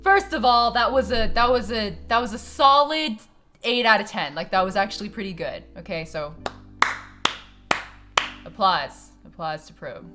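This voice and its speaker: A woman's voice: medium pitch, normal speed, pushed and bright, faint music behind. A young woman live-streaming from her desk at home, chatting casually with her viewers. She swears a lot and laughs often.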